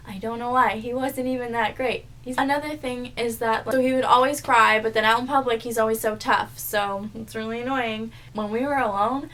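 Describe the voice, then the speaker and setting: Fast-talking, blunt young woman. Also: on the high side, steady tone, fairly bright tone. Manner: blunt, profane, exasperated. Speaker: vlogger. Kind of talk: casual storytime.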